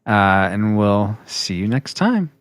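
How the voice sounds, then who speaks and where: A man's voice: fairly low pitch, very animated, measured pace, dry recording. A man hosting a casual podcast, joking and laughing with his co-hosts. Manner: laughing, playful teasing. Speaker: podcast host.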